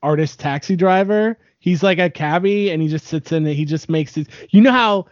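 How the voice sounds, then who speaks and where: A man with a notably high voice co-hosts a podcast, chiming in with quick, enthusiastic asides. The recording is dry, with no room echo. It has a dull, lo-fi quality. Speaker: podcast co-host. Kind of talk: casual chat.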